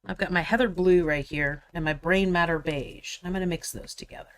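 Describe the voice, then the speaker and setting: A woman's voice: on the low side, fairly even intonation, a little fast. A young woman hosting a live miniature-painting stream, chatting casually and teasing her co-host while she paints. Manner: chatty, teasing, laughs often.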